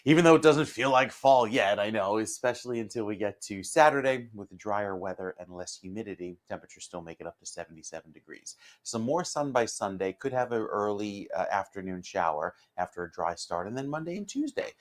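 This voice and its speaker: A man, a meteorologist giving a live morning weather forecast in a steady, explanatory way. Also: on the low side, a little fast, few pauses. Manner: steady explanatory delivery with fillers.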